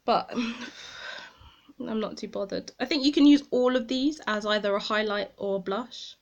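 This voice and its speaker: A woman's voice: fairly high pitch, measured pace, creaky, highs cut off. A woman chatting casually to camera as a beauty vlogger, rambling and commenting on herself as she tries products. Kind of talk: casual makeup review to camera.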